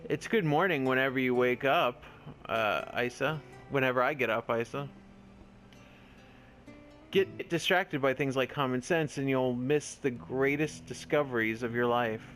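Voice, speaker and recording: A man's voice: medium pitch, measured pace, a bit bright, soft background music, lightly acted. A man reading as a carefree eccentric bird scientist. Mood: breezy.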